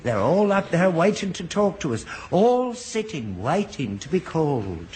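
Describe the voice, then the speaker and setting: Older man, earnest and gullible father type, lively pitch, old radio sitcom with light hiss. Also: measured pace. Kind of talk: 1960s British radio sitcom acting.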